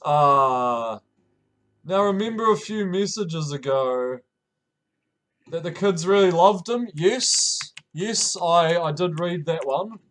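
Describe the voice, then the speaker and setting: High-voiced New Zealand man streaming. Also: expressive, takes it slowly, a bit bright. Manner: laughs often, stumbling restarts, reacts with sudden high exclamations. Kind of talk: casual chat reading chat messages aloud.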